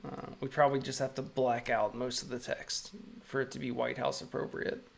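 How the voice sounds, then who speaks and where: Streaming illustrator, mid-pitched and a bit gravelly, deadpan jokes between drawing remarks. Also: moderate pace. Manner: wry, self-amused, joking often with laughs. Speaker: illustrator live-streaming work. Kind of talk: casual live-stream chat while drawing.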